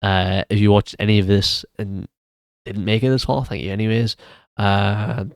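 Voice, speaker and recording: A man reviews films in a loose, unscripted way, often stumbling and restarting his sentences. His voice sits fairly low. The sound is dry and close, with no room around it. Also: flat delivery, normal speed, creaky, smooth, no room sound. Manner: hesitant, many restarts and fillers. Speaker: film reviewer. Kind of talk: casual solo video commentary.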